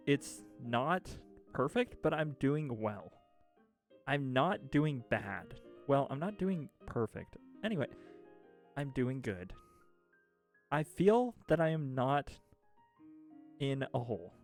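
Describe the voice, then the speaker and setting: A man's voice: mid-range voice, expressive, takes it slowly, pauses often, faint music behind. A man streamer venting to chat in a rambling, exasperated way, swearing often and laughing mid-sentence. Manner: rambling with restarts and filler. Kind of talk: casual ranting chat.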